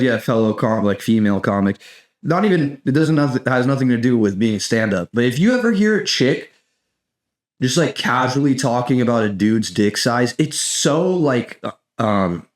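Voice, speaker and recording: A young American man rambles through a comedic podcast monologue, swearing freely and tossing in "dude" every few words. His pitch sits in an ordinary middle range, and the sound carries a noticeable room echo. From United States. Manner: rambling, profane, sarcastic, says "dude" constantly. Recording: echoey room.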